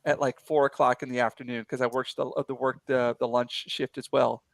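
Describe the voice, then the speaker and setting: Brief: man with a gravelly, fry-heavy voice, easygoing chatter, dry recording. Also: mid-range voice, flat delivery, dry recording. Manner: easygoing, quick to laugh and agree. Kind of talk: casual chat.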